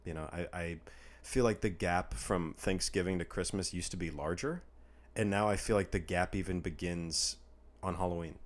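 Male co-host, deep-voiced, easygoing and playful in casual banter. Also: steady tone, moderate pace. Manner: playful, reads listener submissions aloud. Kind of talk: casual chat.

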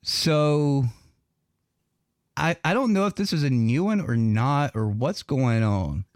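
A Southern man hosts a loose podcast chat, rambling through his thoughts with frequent fillers and quick laughs. His voice sits at a middle pitch. The recording is dry and close, with no room sound. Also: animated, no room sound. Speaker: podcast host.

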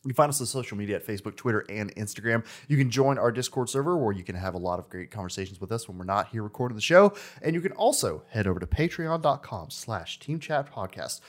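Man, podcast co-host, brisk and upbeat delivery. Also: lowish voice, expressive. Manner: upbeat, rapid sponsor shout-outs. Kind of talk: casual podcast chat.

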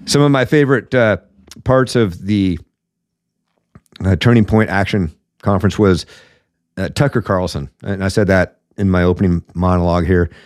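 A man's voice: sits low, normal speed, a little mellow, dry recording, studio quality. A man hosting his own political commentary show, blunt and emphatic, calling it as he sees it between frequent fillers. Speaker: podcast host.

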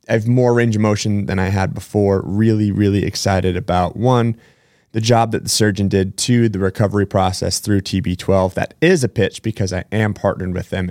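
A man's voice: low voice, darkish tone, no room sound, clean studio sound. A man hosting a casual podcast, chatting in a rambling way with side-tracks and self-corrections. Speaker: podcast host. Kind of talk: casual solo podcast chat.

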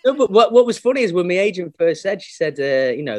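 Male actor, podcast guest, anecdotal and chatty, a touch higher than average, dry close sound. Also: very animated, quick pace, no echo. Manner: chatty anecdotal storyteller, slips into voices for people he quotes. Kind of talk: casual podcast chat.

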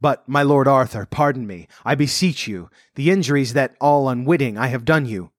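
A man's voice: medium pitch, normal speed, no echo, clean studio sound, lightly acted. A man voicing a loyal but deceived medieval knight in an audiobook reading, speaking archaic courtly lines earnestly. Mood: remorseful. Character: loyal deceived knight, male, adult, remorseful.

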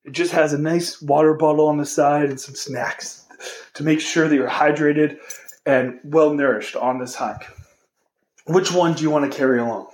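Earnest motivational man, slightly high voice. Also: moderate pace, darkish tone. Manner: earnest, encouraging, speaks straight to listeners. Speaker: podcast host. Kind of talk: motivational monologue.

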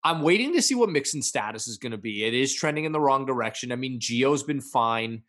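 A man's voice: mid-range voice, expressive, fairly quick, fairly bright tone. A man co-hosting a sports podcast, giving blunt, opinionated takes in casual chat. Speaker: podcast co-host.

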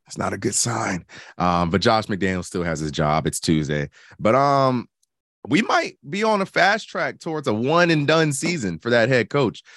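A man co-hosting a casual sports talk show, animated and joking, cursing freely as he reviews a team's season. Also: medium pitch, normal speed, dry recording, clean studio sound. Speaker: podcast co-host.

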